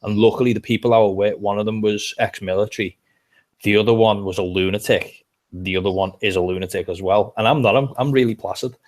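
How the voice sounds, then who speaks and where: A man from England with a Liverpool accent co-hosts a casual podcast chat, telling rambling stories with lots of restarts. His voice is fairly low with fairly even intonation, and he talks fast.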